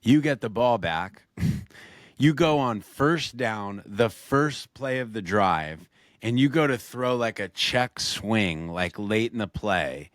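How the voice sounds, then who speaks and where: Deep-voiced man laying out game scenarios. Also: lively intonation, slow pace, no room sound, clean studio sound. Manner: walks through game scenarios step by step, poses questions. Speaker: podcast co-host. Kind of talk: casual sports chat.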